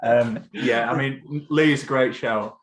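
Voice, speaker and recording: A man's voice: mid-range voice, fairly even intonation, a little slow. Chatty Essex-accented young man. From England. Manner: chatty, loose, swears casually. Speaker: podcast host. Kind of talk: casual chat.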